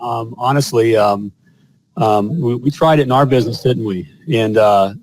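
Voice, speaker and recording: A man's voice: medium pitch, moderate pace, darkish tone. A man hosting a live plumbing show, chatting with a guest and reading ads in a salesy, upbeat patter full of "all right?". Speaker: podcast host and plumbing business coach. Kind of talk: casual live-stream chat and ad read.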